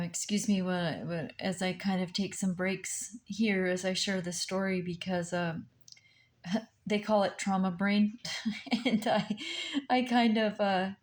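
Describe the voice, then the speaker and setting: A woman slowly telling a painful personal story, halting with many pauses and fillers, recorded on a laptop mic. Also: mid-range voice. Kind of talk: personal testimony, slow and halting. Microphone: laptop mic on her lap.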